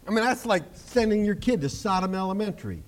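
A man preaching a sermon to his congregation, animated, joking and acting out the people in the story. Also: high voice, fast talker. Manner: animated preaching with jokes and acted-out quotes. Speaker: pastor.

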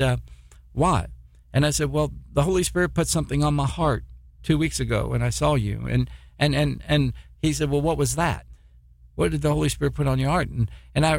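A man's voice: fairly high pitch, vocal fry, no room sound, studio quality. A middle-aged man preaching a sermon in a folksy way, with stammering restarts and many repetitions. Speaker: preacher, former military missionary.

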